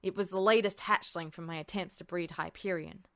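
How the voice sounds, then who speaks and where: A woman's voice: lowish voice, steady tone, a little fast, fairly bright tone, dry recording, studio quality. A woman voicing a sulky male bird breeder who grunts his complaints, in an audiobook. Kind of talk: audiobook character voice.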